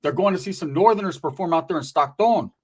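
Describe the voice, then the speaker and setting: A man's voice: on the high side, fast talker, a little mellow, husky. A man voicing his cousin's laid-back, hungover husband in a comic story.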